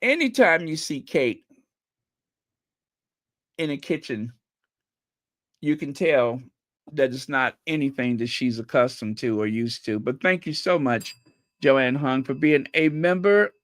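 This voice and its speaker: A man's voice: medium pitch, a little slow, long pauses, no echo. Sex: man. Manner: incredulous, rambling. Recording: dry. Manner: animated, incredulous, rambling with restarts. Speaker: channel host reading viewer chats. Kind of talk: casual live-stream commentary.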